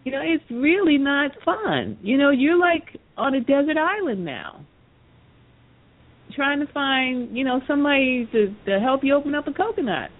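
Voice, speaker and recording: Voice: sits high, big pitch swings, normal speed. Rambling storyteller on a tinny phone line. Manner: rambling, full of "you know" asides. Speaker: podcast speaker. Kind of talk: casual storytelling.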